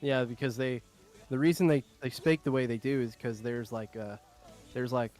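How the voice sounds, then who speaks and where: A man's voice: mid-range voice, fairly even intonation, moderate pace, darkish tone, faint music behind. A man chatting casually on a stream, laughing often and swearing freely. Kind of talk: casual chat.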